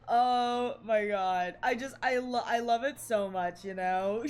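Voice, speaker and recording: A young woman streaming a game, chatting in an excitable, giggly way and swearing freely. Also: fairly high pitch, slow. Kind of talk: casual game-stream chat.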